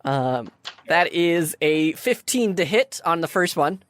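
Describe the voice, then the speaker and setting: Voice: medium pitch, takes it slowly, dry recording. A person running a tabletop game as dungeon master, narrating the action with lots of fillers. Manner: lively scene narration with many fillers.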